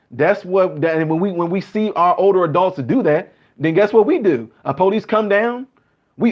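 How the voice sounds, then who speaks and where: A man talking casually as a host, animated and telling stories, acting out the people he quotes. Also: sits high, a little fast, muffled recording. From Chicago. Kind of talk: casual monologue.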